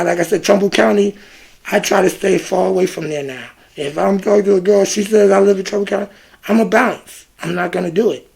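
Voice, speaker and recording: Man, Ohio, casual vlog storyteller; high, raspy, heavy fry; animated, reenacts conversations. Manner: animated, reenacts exchanges, scat fillers like "da, da, da". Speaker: vlogger.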